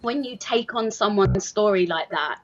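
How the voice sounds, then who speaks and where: A woman's voice: mid-range voice, moderate pace, crowd noise. A woman actor giving an earnest, reflective panel answer, full of "like" fillers, over a video call. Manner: earnest, heavy use of "like". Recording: dull lo-fi call with background noise.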